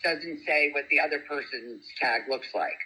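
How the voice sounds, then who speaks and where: A woman, a guest telling a story in animated, chatty talk. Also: sits low, moderate pace, husky, rough recording. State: single parent. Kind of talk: casual storytelling chat.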